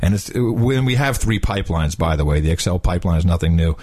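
A man's voice: low-pitched, animated, fast talker, a little mellow, slightly rough. A male host chatting casually about politics in a rambling, sarcastic way. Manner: rambling, sarcastic, laughs often.

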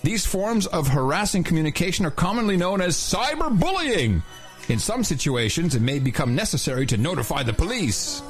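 A man's voice: brisk, soft background music. A man hosting a casual talk show, reading aloud from a book in a mock-solemn way. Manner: mock-solemn reading with lively pitch swings, breaking into laughs. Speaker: podcast host.

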